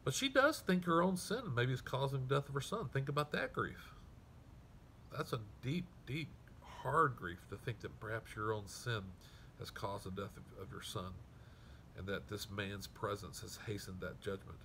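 A man preaching a sermon, reading scripture aloud and explaining it in an earnest, emphatic way that drops soft at grave points. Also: mid-range voice, animated, normal speed, a little hiss or hum. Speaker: pastor.

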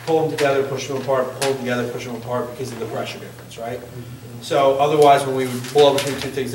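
Chatty singing coach in an echoey room. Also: male voice, mid-range voice, slight background noise. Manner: chatty, joking, asks the group questions. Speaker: singing instructor. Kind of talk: casual workshop teaching. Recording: echoey room, distant mic.

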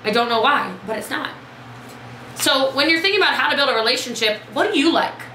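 A woman coaching her team on a live video, chatty and lively, calling out viewers by name. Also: sits high, fairly quick, reverberant, a little hiss or hum, low-quality recording. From Texas. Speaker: business coach.

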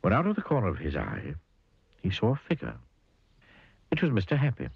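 A man narrating a children's cartoon story, playful and expressive, asking the listener questions. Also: fairly low pitch, a little fast, vocal fry, husky, dry recording, dull audio.

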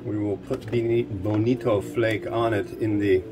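A man talks through his cooking in an unhurried, drawn-out way, wandering off on wry, offhand tangents. Music plays clearly behind his voice. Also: fairly low pitch, steady tone. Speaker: cooking show host. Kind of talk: casual chat while cooking. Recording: music playing underneath.

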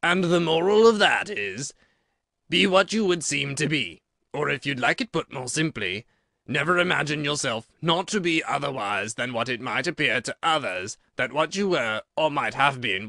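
A man's voice: medium pitch, animated, normal speed, sharp tone, dry recording, clean studio sound. A man voicing a fawning, moralizing duchess who lectures in a sing-song, agreeable manner, for a storybook reading. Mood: preachy.

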